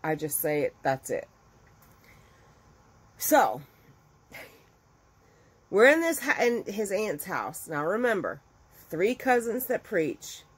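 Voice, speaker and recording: Chatty woman with a lowish voice. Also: breathy edge, rough recording. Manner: chatty and animated, acting out quotes with big jumps in pitch. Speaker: crochet business owner and video host. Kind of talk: casual storytelling to viewers.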